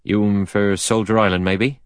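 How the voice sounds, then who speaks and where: A man with a deep voice voicing a polite male taxi driver with a soft Devon accent in a storybook reading. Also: level tone, normal speed, no room sound, clean studio sound, lightly acted. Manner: soft-spoken, deferential.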